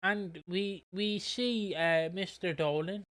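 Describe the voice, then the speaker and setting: A man's voice: high voice, slow, fairly bright tone. A man hosting a podcast, rambling through a casual, sweary recap of a soap opera. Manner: rambling, swears casually, loses his train of thought. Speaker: podcast host.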